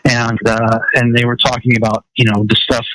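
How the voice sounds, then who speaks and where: A man talking as a guest on a talk show, telling a rambling, animated story. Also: mid-range voice, normal speed, rough recording. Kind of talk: casual interview talk.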